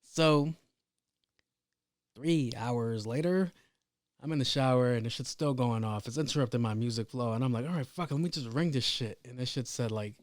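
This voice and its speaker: Male podcast host, mid-pitched, cursing and rambling through a story, dry close mic. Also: moderate pace, dry recording. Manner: profane, rambling, animated retelling. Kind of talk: casual solo podcast storytelling.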